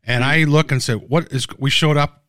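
A man's voice: fairly high pitch, fairly even intonation, moderate pace, fairly bright tone, no room sound, studio quality. A man casually recalling how his TV series was made, blunt and swearing freely as he tells the stories. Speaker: TV series creator. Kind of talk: casual reminiscing chat.

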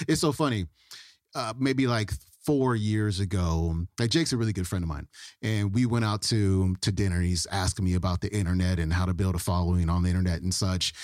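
A man with a very deep voice hosts a podcast and closes the episode in a relaxed, chatty tone. The recording is close and dry, with no room sound. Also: a little fast, no room sound. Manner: relaxed, chatty, upbeat sign-off. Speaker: podcast host. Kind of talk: casual show outro.

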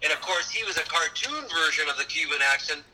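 A man's voice: a little high, quick pace, slightly rough, low-quality recording. A man who works as a voice actor, chatting in a casual interview and acting out bits of characters as he goes. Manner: animated, slips into character voices and Spanish. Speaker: voice actor guest.

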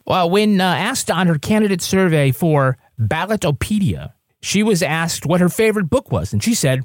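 A podcast co-host who rattles off actor trivia with jokes mixed in, her pitch swinging widely. Her voice is close and dry. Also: very animated, moderate pace, dry recording. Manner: jokey, trivia-reciting. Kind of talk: casual TV recap chat.

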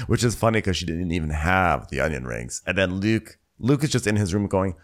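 Deep voiced guy, super lively, cracking up while recapping tv on a video call. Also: fairly quick. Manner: animated, laughs a lot, acts out cast members. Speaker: podcast co-host. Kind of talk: casual recap chat. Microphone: remote video call.

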